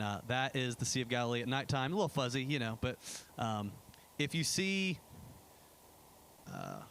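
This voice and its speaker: A man's voice: medium pitch, a bit bright, a little hiss or hum. Chatty man giving a church slideshow talk. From United States. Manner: chatty, enthusiastic, many fillers and restarts. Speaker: pastor. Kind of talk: casual church presentation. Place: church sanctuary.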